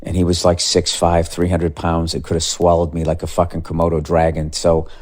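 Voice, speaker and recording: A man's voice: low voice, completely flat delivery, a little fast, a little mellow. A man in his fifties ranting casually as a podcast host, profane and exasperated. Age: 50s. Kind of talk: casual comedic rant.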